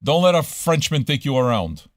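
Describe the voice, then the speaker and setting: A man's voice: on the high side, sing-song, moderate pace, no room sound, studio quality. Profane, rambling man. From Montreal, Canada. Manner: profane, rambling, switches into French. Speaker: radio show host. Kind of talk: casual livestream chat.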